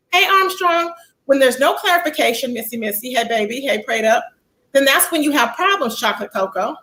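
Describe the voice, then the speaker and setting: A woman's voice: sits high, pushed and bright, slight background noise. A woman hosting a casual livestream, chatting animatedly about online drama and greeting viewers by name as baby and child. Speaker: livestream commentary host.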